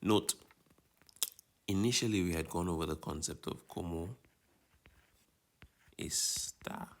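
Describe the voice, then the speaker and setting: In this recorded lesson walkthrough, a man teaches Spanish, explaining things patiently and checking in with his students along the way. His voice is low and creaky, his pace slow, and there's a faint hiss or hum in the audio.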